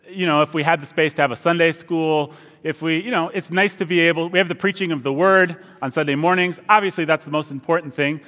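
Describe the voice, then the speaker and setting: A man with a somewhat high voice preaches at a church service, joking with the people in front of him. His voice carries a long reverb through the hall. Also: fairly bright tone. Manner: playful and chatty with the congregation. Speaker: pastor. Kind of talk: sermon.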